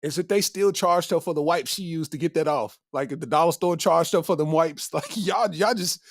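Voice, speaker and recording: A man's voice: fairly high pitch, normal speed, no room sound, studio quality. A man hosting a comedy podcast, riffing casually in heavy slang and laughing constantly between lines. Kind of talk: casual comedic chat reacting to viewer comments.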